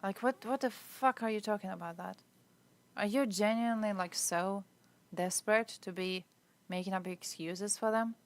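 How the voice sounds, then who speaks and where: A woman's voice: mid-range voice, normal speed. Woman streamer, blunt and profane, live-stream commentary. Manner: blunt, sweary, exasperated ranting.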